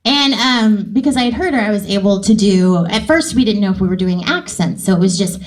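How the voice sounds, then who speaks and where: A voice actress in an interview, telling a story in an animated way and slipping into the voices she plays. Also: medium pitch, brisk, poor audio. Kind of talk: interview anecdote.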